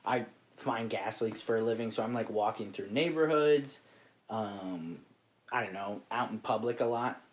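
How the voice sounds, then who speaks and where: A man's voice: lowish voice, moderate pace. A man from Ohio, a guest on a podcast, chatting casually, laid-back, swearing freely and often laughing. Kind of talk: casual chat.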